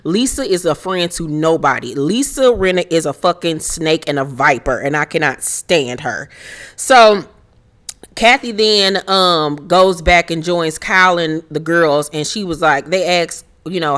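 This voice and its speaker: A woman giving a sassy, profane reality show recap, telling the story with animated asides. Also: on the low side, normal speed. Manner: acts out quotes in put-on voices.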